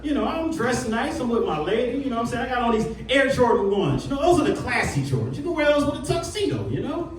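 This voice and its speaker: Brief: stand-up comic from Detroit, lively high-pitched voice, echoey live club with a laughing crowd. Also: male voice, fast, few pauses, faint music behind. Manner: loose, conversational delivery with frequent "man" and "you know". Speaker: stand-up comedian. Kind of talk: stand-up set. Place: comedy club stage with a live audience. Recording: roomy live club sound, audience laughter, from far off.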